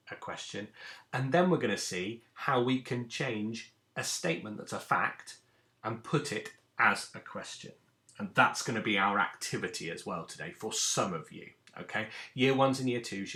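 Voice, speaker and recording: A male primary teacher with a fairly low voice talks young pupils through a recorded lesson. He speaks clearly and patiently, drawing out the words he wants them to notice. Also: bright, forceful tone.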